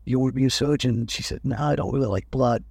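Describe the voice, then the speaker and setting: An older man, a guest in an interview, telling rambling personal stories in a relaxed conversational way and often correcting himself mid-sentence. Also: medium pitch, quick pace, creaky, husky, no room sound, clean studio sound. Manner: rambling, self-correcting anecdotes.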